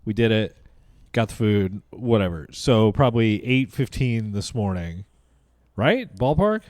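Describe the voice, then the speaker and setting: Low-voiced joking man. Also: a little slow, a little mellow, dry recording, clean studio sound. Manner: joking, rambling storyteller. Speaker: podcast co-host. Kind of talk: casual chat.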